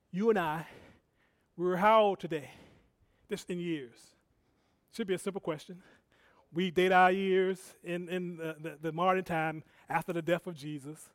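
A man preaching a sermon in a conversational, rambling way, swinging from soft asides to loud calls to the congregation. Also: sits high, no echo, studio quality. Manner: conversational and rambling, with self-corrections and laughs.

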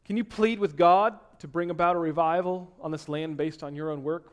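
A man preaching a sermon, dropping to hushed tones and then rising to loud, emphatic exhortation. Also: fairly high pitch, fairly even intonation, normal speed. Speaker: pastor.

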